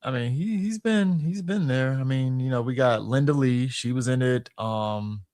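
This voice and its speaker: A man of middle pitch co-hosting a podcast, blunt and profane, quick to laugh and to cut in. His voice is recorded dry and close, with no echo. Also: a little mellow. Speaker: podcast co-host. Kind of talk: casual chat.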